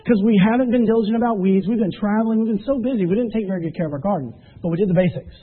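A man's voice: sits high, breathy edge. A man giving a motivational business training talk, telling stories with emphatic rising peaks. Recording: tinny phone-like sound.

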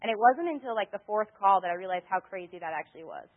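Woman, sales training talk, rapid delivery, tinny phone audio. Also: medium pitch. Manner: animated storyteller, acts out her own dialogue. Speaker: network marketing trainer.

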